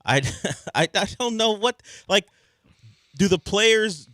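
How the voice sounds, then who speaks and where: A man co-hosting a sports talk radio show, talking in an animated, rambling way full of questions. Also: sits high, takes it slowly, no room sound, clean studio sound.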